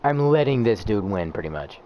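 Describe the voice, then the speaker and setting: A man's voice: fairly low pitch, very animated, fairly quick, warm tone. A young man talks over his own gameplay, piling up exasperated and profane complaints. His voice leaps up and drops down freely as he rambles on. A faint background hiss runs under the recording. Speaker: gamer posting gameplay. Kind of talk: live gameplay commentary.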